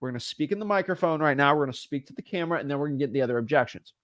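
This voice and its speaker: Young man, real estate coach, animated, role-plays phone calls, fairly high voice, dry recording. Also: very fast, no echo. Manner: animated, acts out both sides of seller calls in bursts. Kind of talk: energetic teaching with role-played calls.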